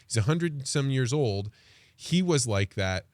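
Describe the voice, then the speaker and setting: A man hosting a podcast, speaking reflectively and haltingly, often restarting his sentences. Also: mid-range voice, expressive, a little mellow, no echo. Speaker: podcast host. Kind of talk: casual interview chat.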